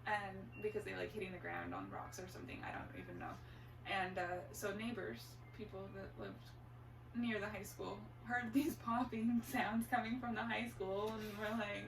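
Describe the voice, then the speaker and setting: A woman's voice: medium pitch, normal speed, gravelly. A woman who chimes in with quips and laughs often while she tells a family story in casual conversation. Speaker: interviewee, daughter. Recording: roomy and distant with faint hum.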